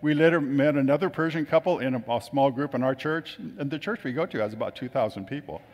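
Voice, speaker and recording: A man's voice: medium pitch, quick pace, lo-fi sound. A man telling chatty anecdotes to a gathering, acting out the voices of the people he quotes. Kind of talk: casual storytelling talk. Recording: long reverb of a hall.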